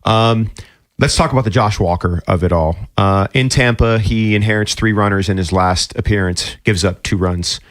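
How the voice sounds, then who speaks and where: A man's voice: on the low side, moderate pace. A man co-hosting a sports radio show, talking loosely with many fillers and asides. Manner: loose and chatty, many "um"s and "you know what I mean"s.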